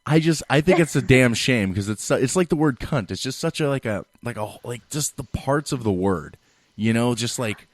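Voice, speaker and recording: A man's voice: medium pitch, animated, moderate pace, dry recording. A man with a Californian American accent, rambling in casual podcast chat, crude and full of filler words. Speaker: podcast guest host.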